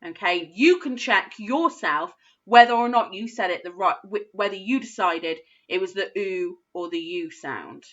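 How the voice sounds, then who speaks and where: A woman teaching a phonics lesson to young children, sounding out words slowly and praising often. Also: medium pitch, expressive, lo-fi sound. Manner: slow, sing-song sounding out of words, encouraging. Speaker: primary school phonics teacher.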